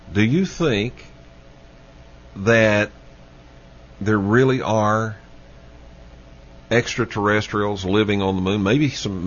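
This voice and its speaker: A man hosting a late-night call-in radio show, speaking deliberately and repeating his questions to listeners. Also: on the low side. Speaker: radio talk show host. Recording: muffled lo-fi radio broadcast with faint hiss.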